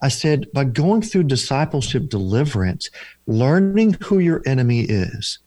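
Earnest man telling a slow, dramatic story. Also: mid-range voice, very animated, mellow, no room sound. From former Protestant, now Catholic. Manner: earnest, slows down for emphasis, acts out dialogue. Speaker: deliverance minister, guest. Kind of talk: storytelling in an interview.

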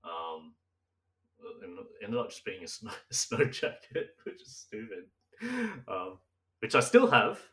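A man's voice: fairly low pitch, expressive, a little slow, bright, forceful tone, recorded from a distance. A young man co-hosting a casual chat, rambling and laughing often, sometimes slipping into silly old-timey voices. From Australia. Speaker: podcast co-host.

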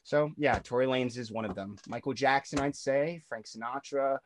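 A man's voice: mid-range voice, moderate pace, a little hiss or hum. A young man in his twenties, a musician guest in a casual interview, talking loosely with lots of swearing, fillers and restarts.

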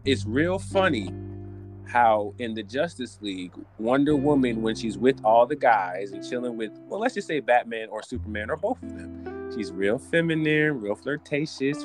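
A man hosting a podcast, ranting in an animated, joking and profane way with lots of restarts. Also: mid-range voice, normal speed, over music. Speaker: podcast host. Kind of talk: casual comedic podcast chat.

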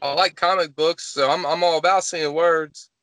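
A man's voice: on the high side, steady tone, normal speed, fairly bright tone. A man in casual podcast chat, making jokes and using loose slang. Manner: joking, drawling slang like "ain't never".

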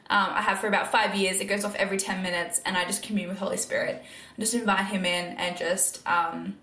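A woman's voice: mid-range voice, pushed and bright, echoey room. A woman hosting a casual faith-based podcast monologue, earnest and encouraging, with lots of filler words. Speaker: podcast host.

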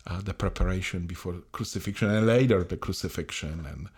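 Priest co-host, halting and hesitant, very low voice. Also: male voice, darkish tone, breathy edge. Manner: halting, many restarts and fillers. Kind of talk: conversational reflection.

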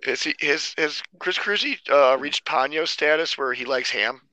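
A man co-hosting a podcast, cracking wry, deadpan jokes and often stumbling over his words. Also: fairly high pitch, moderate pace, dry recording, rough recording. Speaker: podcast co-host. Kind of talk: casual podcast banter.

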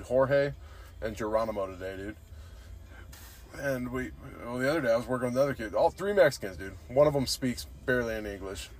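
A young man hosting a podcast, telling rambling, profane stories and saying "dude" constantly. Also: lowish voice. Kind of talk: casual storytelling chat.

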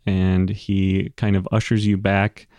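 Slow, deep-voiced man running a tabletop game. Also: clear, resonant tone, dry recording. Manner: relaxed, rambling with fillers and laughs. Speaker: game master.

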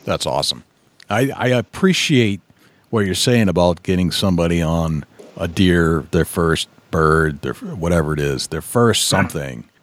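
A man hosting a podcast, speaking in a relaxed, affirming way as he tells a story, sometimes tripping over his words. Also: sits low, no echo. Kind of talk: casual conversation.

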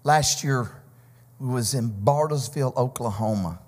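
A man preaching a Pentecostal sermon, telling testimony stories that build to shouting, sing-song peaks. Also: mid-range voice, a little slow. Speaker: visiting preacher. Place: church sanctuary. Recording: church hall reverb with keyboard music.

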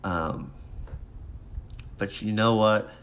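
A young man hosting his own podcast, talking alone in a rambling, halting way with many restarts and fillers. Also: fairly low pitch, creaky. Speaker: podcast host. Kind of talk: casual solo podcast monologue.

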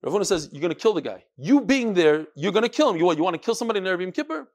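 A man giving a lively Talmud class, reading the Aramaic and then telling the story in English, acting out the characters as he goes. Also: high-pitched, rapid-fire. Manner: animated storytelling, acts out the characters. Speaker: Talmud teacher.

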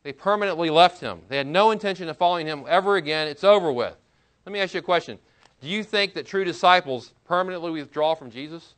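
Man, pastor, sermon, somewhat higher voice, reads scripture then comments casually. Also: fast talker, fairly bright tone. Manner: expository preaching, reads scripture aloud and comments; conversational asides, chuckles.

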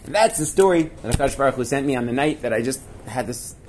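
Young guy teaching, telling a story all excited, lots of "like" and "and, and", bit of hiss behind. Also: mid-range voice, fast. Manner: animated, many fillers and repeats, Hebrew and Yiddish terms. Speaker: Torah teacher. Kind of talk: storytelling talk.

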